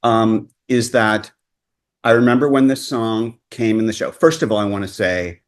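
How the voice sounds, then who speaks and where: A man's voice: fairly low pitch, normal speed. A man co-hosting a casual chat about musicals, frank and self-deprecating, often restarting his words. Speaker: podcast co-host.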